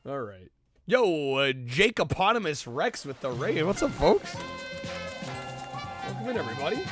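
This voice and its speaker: This livestream host has a fairly high, sing-song voice and a moderate pace. He chats casually in a laid-back manner and thanks his viewers, with music playing under his voice.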